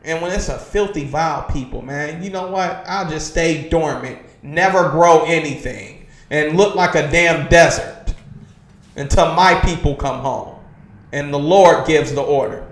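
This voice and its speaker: A man with a notably high voice leads a streamed religious class in a forceful preaching style. He drives each point home and keeps asking his listeners if they understand. His voice rings around an echoey room. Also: a little slow. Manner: emphatic, constantly asks "you understand?" and says "man". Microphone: livestream computer mic.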